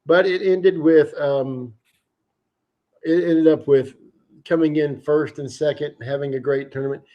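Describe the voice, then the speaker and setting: Salty, animated man telling a story. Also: on the high side, a little slow, highs cut off. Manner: animated, profane anecdote-telling. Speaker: livestream host. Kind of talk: casual storytelling.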